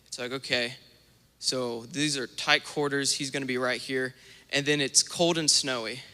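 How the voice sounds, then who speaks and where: Young male minister, sermon, bright ringing voice, animated storyteller, long church reverb. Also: medium pitch, normal speed. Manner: animated storytelling with acted-out asides. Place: church sanctuary.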